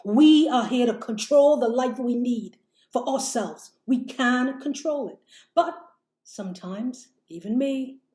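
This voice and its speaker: With a fairly high but dark-toned voice, slightly strained, a woman life coach preaches fiery motivation on a home livestream. She calls listeners "my loves" and "honey" and breaks into chanted and sung refrains, all in a roomy, echoing recording.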